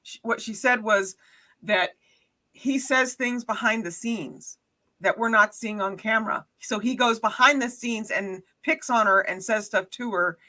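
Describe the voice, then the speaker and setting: A woman co-hosting a casual podcast chat, speculating out loud with frequent restarts. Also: on the high side, a little slow, low-quality recording. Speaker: co-host.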